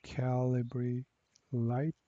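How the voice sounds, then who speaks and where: A man walking through a software assignment step by step, repeating each instruction slowly. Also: medium pitch, completely flat delivery, dry recording, highs cut off. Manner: slow, step-by-step, repeats cell names. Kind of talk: screen-recorded software tutorial.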